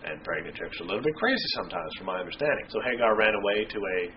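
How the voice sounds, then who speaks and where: Fast-talking man, lo-fi recording. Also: lowish voice, animated, slight background noise. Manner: irreverent, joking, slangy. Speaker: Bible study video host. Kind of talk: scripture reading and casual explanation. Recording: dull lo-fi home recording.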